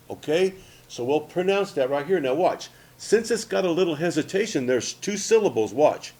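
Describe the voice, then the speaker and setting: A man's voice: fairly high pitch, sing-song, moderate pace, darkish tone. A man in his sixties from Oklahoma, teaching a language lesson in a plain, repetitive way, often checking in with "okay?" and "see?". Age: 60s. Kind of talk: casual spoken lesson.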